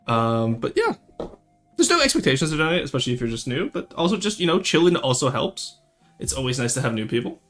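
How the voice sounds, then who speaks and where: Lively, rambling man streaming. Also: medium pitch. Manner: animated, rambling, quick to laugh. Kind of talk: casual live-stream chat.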